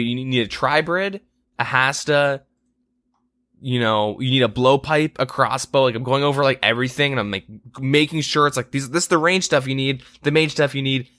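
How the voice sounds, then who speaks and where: A man's voice: mid-range voice, sharp tone, no room sound, studio quality. A man co-hosting a casual gaming podcast, telling a long rambling story with lots of swearing and exasperated asides. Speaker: podcast co-host.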